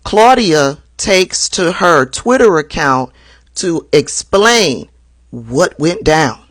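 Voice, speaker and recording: A woman hosting a political commentary show, reading a news account aloud in a slow, deliberate way. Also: deep voice, expressive, no echo.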